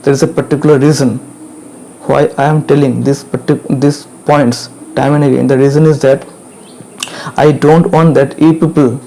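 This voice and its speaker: A man teaching grammar, repeating each point and checking in with questions like "clear?". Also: medium pitch, steady tone, normal speed, warm tone, slight background noise, rough recording. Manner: repetitive, drills points again and again with checking questions. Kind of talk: classroom grammar lesson.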